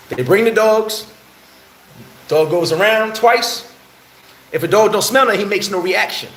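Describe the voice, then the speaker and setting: A man's voice: sits high, reverberant, low-quality recording. A man, telling a heated story on a casual live stream and answering chat. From New York. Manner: animated, heated storyteller, acts out quotes. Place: bar in the Dominican Republic.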